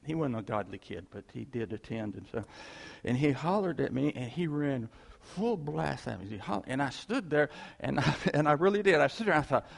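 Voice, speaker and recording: Man with gravelly voice in echoey hall. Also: mid-range voice, animated. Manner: rambling, halting storytelling with chuckles. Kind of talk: informal testimony to a congregation. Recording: long hall reverb.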